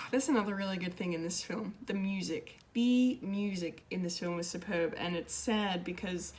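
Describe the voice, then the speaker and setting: A woman's voice: on the low side, moderate pace, darkish tone, slight background noise. A woman giving an unscripted, emotional film review, gushing and restarting her sentences with many fillers. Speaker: pop culture video reviewer.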